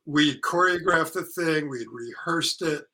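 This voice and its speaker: An older man with a very bright, forceful voice spins casual stories about his acting days. He acts out everyone's lines and swears freely. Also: on the high side, a little slow, low-quality recording. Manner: animated anecdote telling, acting out quotes, swearing. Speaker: actor and author guest. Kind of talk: casual storytelling interview.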